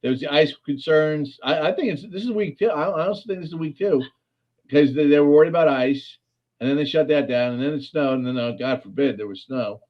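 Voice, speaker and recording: A man's voice: on the high side, fairly quick. Joking man on a muffled line. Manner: joking, teasing about himself. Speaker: guest. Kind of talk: casual chat.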